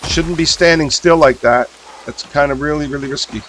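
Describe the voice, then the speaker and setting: A man's voice: fairly high pitch, moderate pace, noisy background. Man mumbling through gameplay commentary. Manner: thinks aloud, mumbling fillers while sorting items. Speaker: streamer.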